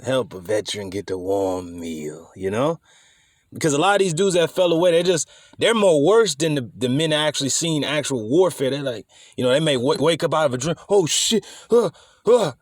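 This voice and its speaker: A man's voice: medium pitch, dry recording, studio quality. A man giving casual, emphatic scripture teaching, reading verses aloud and commenting in a loose, conversational way with occasional swearing. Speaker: bible teacher.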